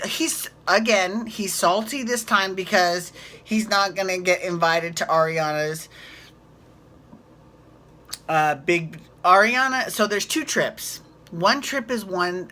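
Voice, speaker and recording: A woman's voice: fairly low pitch, sharp tone. A woman casually recapping a reality show, rambling, sarcastic and swearing freely. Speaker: recap vlogger.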